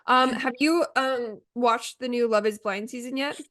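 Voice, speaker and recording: A woman's voice: a little high, fairly bright tone, no room sound, studio quality. A young adult woman from Oregon, co-hosting a podcast in casual chat with a chatty, upbeat manner. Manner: chatty, upbeat, quick asides. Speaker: podcast co-host.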